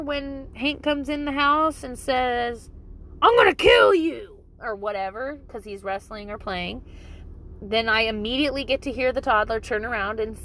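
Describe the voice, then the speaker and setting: A woman's voice: on the high side, pushed and bright, a little hiss or hum. Blunt, swearing mom in her thirties. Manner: blunt, emphatic, swears freely. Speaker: mother giving parenting advice. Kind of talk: casual talk to camera.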